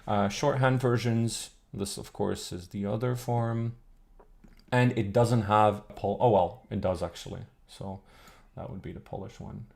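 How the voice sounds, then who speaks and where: A man's voice: lowish voice, vocal fry, darkish tone. A man teaching on a live stream, thinking aloud as he goes and correcting himself mid-sentence. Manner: reads chat questions and answers them. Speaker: streamer teaching an old alphabet book. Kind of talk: live-streamed explanatory lesson.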